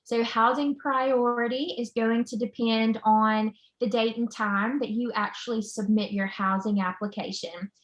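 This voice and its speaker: A woman's voice: on the high side, steady tone, unhurried, few pauses. A woman who works as a college admissions counselor, giving an upbeat, enthusiastic presentation over a video call with the odd "um" along the way. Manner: upbeat and enthusiastic, with frequent "um" fillers. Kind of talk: informational presentation. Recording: echoey room.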